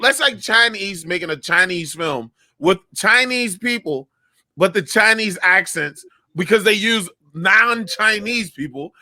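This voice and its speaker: A man co-hosting a comedy podcast who rants in a heated, animated, profane way. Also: sits high, unhurried, no echo, clean studio sound. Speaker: podcast co-host. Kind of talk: casual comedic chat.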